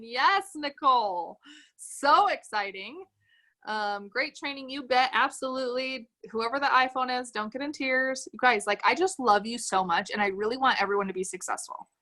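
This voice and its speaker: Reading chat comments aloud during an upbeat livestream pep talk, the woman who leads this direct-sales team has a fairly high, somewhat bright voice.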